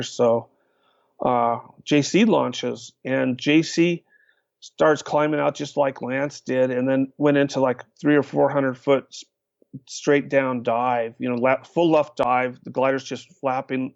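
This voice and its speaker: Older guy spinning a yarn on a podcast, gravelly voice, dull lo-fi sound, lots of uh's. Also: mid-range voice, measured pace, dry recording. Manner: lively storyteller, acts out quotes, many uh fillers. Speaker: guest. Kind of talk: storytelling in a podcast interview.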